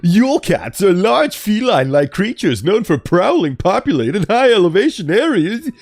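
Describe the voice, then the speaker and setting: A man's voice: sits high, big pitch swings, moderate pace, darkish tone, voice pushed up, exaggerated voice. A man voicing a nerdy young man with a lisp, reading creature facts in an eager, pedantic way.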